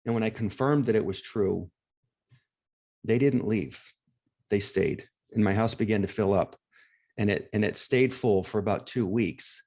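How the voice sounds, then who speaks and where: A man's voice: on the low side, unhurried, darkish tone, slightly rough. A man interviewing a guest about grief, speaking in a reflective, encouraging way. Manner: reflective, encouraging, emotional at times. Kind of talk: warm conversational interview.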